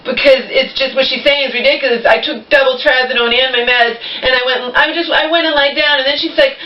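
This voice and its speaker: A woman's voice: high-pitched, steady tone, brisk. A woman venting to the camera in an agitated, profane rant. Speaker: vlogger. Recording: echoey room, distant dull mic.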